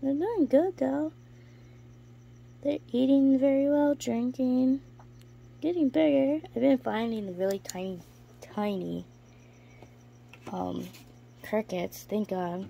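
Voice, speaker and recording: A woman talking casually in a vlog as she walks past her reptile enclosures, chatting about her pets and now and then slipping into high baby talk for them. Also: steady tone, takes it slowly, gravelly, long pauses, slightly rough, lo-fi sound. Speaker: reptile keeper vlogger. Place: indoors in a room full of reptile enclosures.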